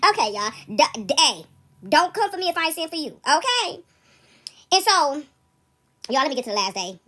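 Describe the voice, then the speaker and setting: A young adult woman telling a casual story to her viewers, animated and often breaking into laughter as she talks to them directly. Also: high voice, moderate pace.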